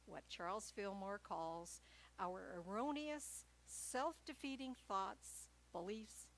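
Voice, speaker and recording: A woman preaching a sermon at a church service, telling stories in a gentle, light-hearted way. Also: medium pitch, slow, a little hiss or hum, poor audio. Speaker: guest speaker at church.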